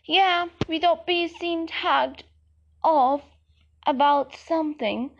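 A woman's voice: high voice, slow. A woman voicing a hungry, impatient teenage schoolboy in an audiobook, blunt and grumbling. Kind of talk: audiobook character reading. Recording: dull lo-fi recording.

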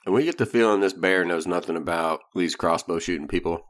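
A man's voice: sits low, brisk. A man playing a tabletop game, blunt, crude and sarcastic. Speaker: player. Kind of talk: casual tabletop play.

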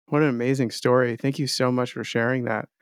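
A podcast host chatting with a guest, supportive, with many quiet affirmations. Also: mid-range voice, little pitch movement, brisk, smooth, no echo, clean studio sound. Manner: supportive, frequent soft backchannels. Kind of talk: casual interview chat.

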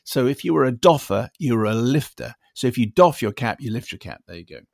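Dry-humored man with a gravelly voice. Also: mid-range voice, big pitch swings, no room sound. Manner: dry, teasing, reads aloud deliberately. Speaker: podcast co-host. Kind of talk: casual chat and reading listener emails. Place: spare room at home.

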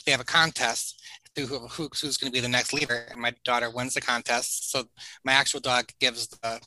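A man's voice: medium pitch, fairly even intonation, moderate pace, sharp tone, no echo, poor audio. A man in his forties, a podcast guest telling long stories in a rambling, chatty way, full of fillers and little laughs. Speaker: podcast guest, family video creator. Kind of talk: casual storytelling interview.

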